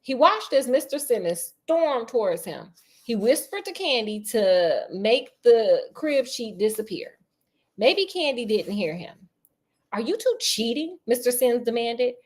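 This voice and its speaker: A woman reading a novel aloud as a storyteller, breaking off for sassy, animated asides. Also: fairly high pitch, a little slow.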